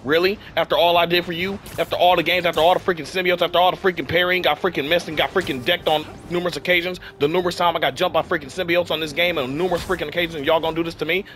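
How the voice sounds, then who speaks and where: Rapid-fire and hardly pausing, a young YouTuber who is sick and slightly worn vents exasperatedly over his gameplay, peppering it with "freaking." His voice is on the high side and fairly bright, with a steady tone.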